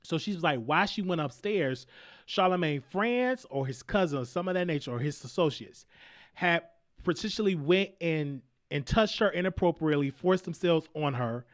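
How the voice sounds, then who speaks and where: A man hosting a podcast, giving casual, earnest commentary with frequent halting restarts. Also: fairly high pitch, dry recording, clean studio sound. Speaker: podcast host.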